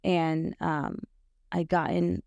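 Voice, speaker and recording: Young woman, podcast guest; low, gravelly voice; halting, filler-heavy personal storytelling. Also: big pitch swings, a little mellow, dry recording. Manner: halting, full of fillers and restarts. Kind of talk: personal testimony in conversation.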